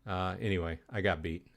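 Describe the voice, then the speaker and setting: A man with a somewhat low voice hosts a casual gaming live stream. He rambles through chat and matches, filling pauses with ums and uhs and restarting his sentences. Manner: rambling, many fillers and restarts.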